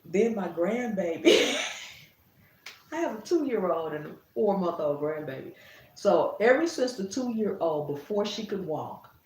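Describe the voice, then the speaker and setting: A middle-aged woman and grandmother, telling a gardening story to camera with lots of laughter. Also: medium pitch. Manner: laughs often, animated storyteller. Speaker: gardening vlogger. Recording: roomy, a bit distant.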